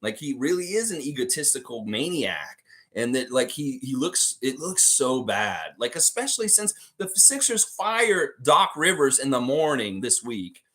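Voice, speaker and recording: A man's voice: medium pitch, very animated, unhurried, sharp tone. A man hosting a live sports fan stream, ranting heatedly about coaches, swearing and laughing as he talks.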